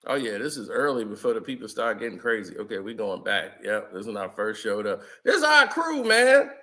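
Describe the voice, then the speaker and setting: A man's voice: fairly low pitch, big pitch swings, a little fast, sharp tone. A man giving casual, chatty commentary over old photos, laughing often and telling stories in loose slang. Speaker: vlogger.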